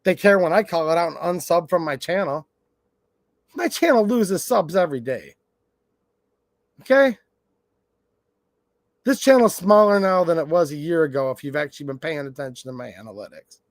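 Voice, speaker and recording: A man's voice: a little high, animated, normal speed, long pauses, dry recording, clean studio sound. A man hosting his channel, delivering a blunt, sarcastic rant to his viewers. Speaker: gun channel host. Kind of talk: ranting livestream monologue.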